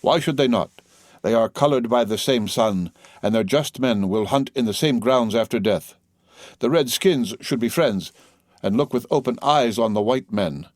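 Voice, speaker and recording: A man voicing a crafty, persuasive male war chief who speaks in slow, measured, flattering oratory. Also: mid-range voice, dry recording, studio quality, close to an everyday voice.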